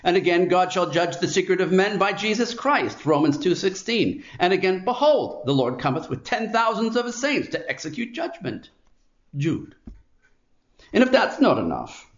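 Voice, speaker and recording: An emphatic male preacher delivers a sermon, piling up phrase after phrase with building force. His voice sits a little high for a man. The sound is echoey and slightly dull. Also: sing-song, moderate pace. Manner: emphatic, declamatory, building lists with rising force.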